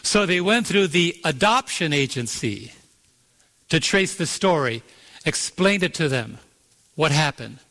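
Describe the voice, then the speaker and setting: Pastor guy preaching in a big echoey church, kinda high voice, stretches words out for effect. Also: lively intonation, bright, forceful tone. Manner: storytelling preacher, slows and stretches key words, asks the congregation questions. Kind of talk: sermon. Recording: long reverb of a large hall.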